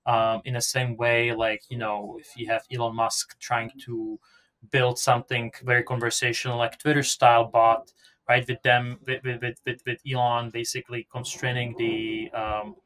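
A man being interviewed as a podcast guest, explaining software in a loose, rambling conversational way. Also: medium pitch, level tone, moderate pace. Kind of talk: casual technical interview talk.

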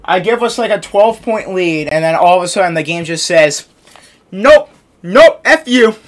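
A young man commentating his own basketball gameplay, ranting and yelling at his teammates and the game, overheated and sweating in a hot room. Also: sits high, brisk. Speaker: gaming video creator.

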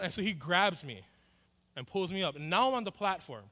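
A man's voice: high-pitched, expressive, a little fast, sharp tone. A male pastor, telling a story in a sermon and acting out both sides of the dialogue. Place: church hall. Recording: reverberant church hall.

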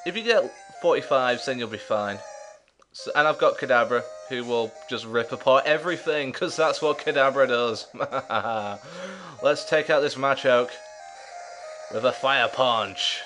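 A man's voice: medium pitch, a little slow, fairly bright tone, faint music behind. A man hosting a let's play, giving casual gameplay commentary with chatty, jokey, self-mocking asides.

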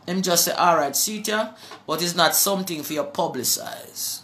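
A woman with a Jamaican accent preaching to a live online audience, slow and fervent, at times breaking into song. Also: fairly low pitch, fairly bright tone, roomy sound.

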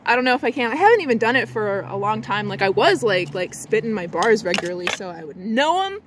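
A woman chatting casually in a vlog, rambling with lots of likes and restarts, swinging between a low lazy voice and a bright high one. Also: very animated, a little fast, hardly any pauses, a little hiss or hum. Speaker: vlogger.

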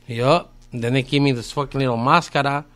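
A man's voice: mid-range voice, steady tone, fairly quick, fairly bright tone. A man, a podcast guest telling a story in a laid-back, slangy way with heavy swearing. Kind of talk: casual storytelling.

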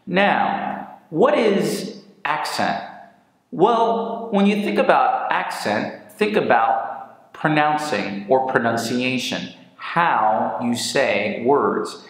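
A man who is a native English speaker, giving an English lesson in a patient way and asking and answering his own questions. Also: mid-range voice. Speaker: English teacher. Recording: very echoey room with long reverb.

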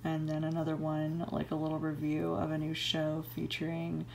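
A woman's voice: low-pitched, completely flat delivery, normal speed, vocal fry, a little mellow, slight background noise. A young woman student chatting casually in a vlog, filling her talk with "like". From United States. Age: young adult. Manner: chatty, many "like" fillers. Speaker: university student vlogger. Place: home room and campus lab.

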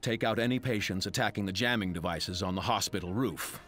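Luthor, a cold villain boss. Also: male voice, lowish voice, fairly quick, fairly bright tone. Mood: commanding. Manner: curt, commanding briefing. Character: scheming male corporate villain boss, cold and commanding.

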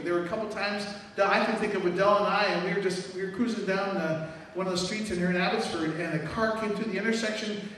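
A man preaching a sermon as pastor, telling personal stories in an animated way and acting out the quotes. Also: high-pitched. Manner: animated storyteller, acts out quotes. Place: church sanctuary. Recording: echoey hall, mic from far off, faint noise.

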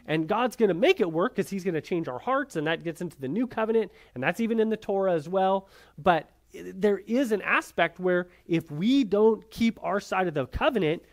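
A man's voice: high-pitched, lively intonation, fairly quick. A man teaching a church Bible class in a conversational way, often checking in with his listeners. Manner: conversational, frequent "right?" checks.

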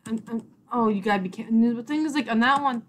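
A woman's voice: fairly high pitch, fast talker, slight background noise. Exasperated young woman narrating her gameplay. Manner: exasperated, rambling, mock-cursing at the game. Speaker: let's play gamer. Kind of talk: casual gameplay commentary.

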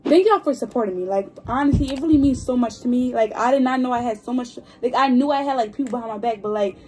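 A woman in her twenties chatting excitedly to her viewers in a hair vlog, gushing and talkative. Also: on the high side, fast, a little hiss or hum. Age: 20s. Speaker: hair vlogger. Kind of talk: casual chat to viewers. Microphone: phone.

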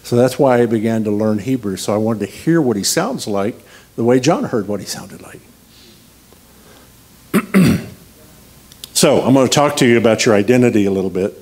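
A man's voice: medium pitch, lively intonation, moderate pace, pauses often, darkish tone. A man preaching a conversational sermon as a guest speaker, telling personal stories with a humorous, anecdotal manner. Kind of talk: storytelling sermon.

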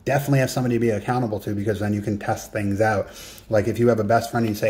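Very fast but mellow, with a fairly low pitch and level tone, a man coaches in a recorded lesson. He's direct, speaking to the listener and giving writing tasks.

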